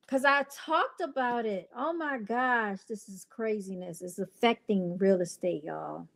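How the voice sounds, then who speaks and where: This livestream host, who also started a clothing brand, talks casually to her audience with chatty, exasperated remarks. Her mid-range voice is creaky and fairly bright, a little slow, with hardly any pauses.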